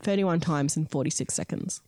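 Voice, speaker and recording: Woman podcast host, slightly low voice, dry close sound, casual storyteller. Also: normal speed, dark tone, no room sound. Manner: chatty, many fillers, recounting events. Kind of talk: casual true-crime storytelling.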